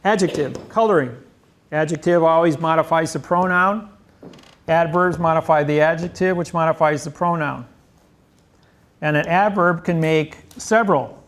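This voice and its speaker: A man's voice: fairly high pitch, moderate pace, a bit bright. A man lecturing on grammar, rambling emphatically and boasting about himself. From United States. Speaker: seminar lecturer.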